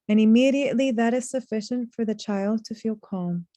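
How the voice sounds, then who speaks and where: Earnest woman teaching scripture slowly. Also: on the high side, dark tone, dry recording. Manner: earnest, slows to stress key words, recites Arabic verses. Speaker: Quran teacher. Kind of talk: reflective religious lesson.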